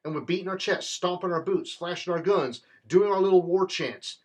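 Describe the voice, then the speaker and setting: A man's voice: high-pitched, normal speed. A man delivering an impassioned, rallying political monologue in a fervent, rhetorical manner. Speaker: political commentator.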